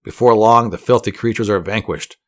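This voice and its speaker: Deep-voiced man narrating calmly. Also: fairly quick. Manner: soothing, steady, dryly humorous. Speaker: storyteller. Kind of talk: calm guided fantasy narration.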